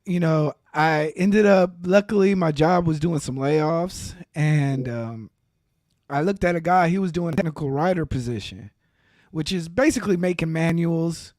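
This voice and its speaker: A man's voice: on the high side, moderate pace, no echo, clean studio sound. A man, chatting casually as a guest and laughing easily. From Texas. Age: 40s. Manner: relaxed, laughs easily, talks with fillers. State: slightly hoarse from allergies. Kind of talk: casual interview chat.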